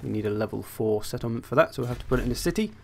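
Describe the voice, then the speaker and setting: A man's voice: mid-range voice, very fast, gravelly, darkish tone, slight background noise. A young man giving casual, wry commentary as he plays a strategy game, thinking aloud as he goes. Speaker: gaming channel host.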